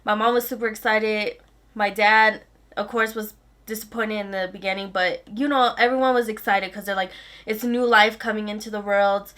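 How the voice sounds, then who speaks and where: A woman's voice: mid-range voice, steady tone, moderate pace, fairly bright tone. A woman in her twenties telling a personal story to camera in a chatty, casual way, full of "like" fillers. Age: 20s. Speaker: vlogger.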